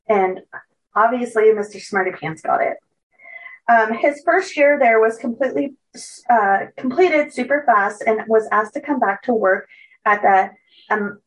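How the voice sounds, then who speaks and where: A woman co-hosting a podcast, telling a true story casually from her notes, with many fillers and quick self-corrections. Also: on the high side, far from the mic, poor audio.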